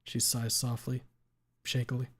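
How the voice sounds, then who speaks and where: A man reading a story aloud on a live stream, steady in delivery, with playful asides when he slips. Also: mid-range voice, a little slow.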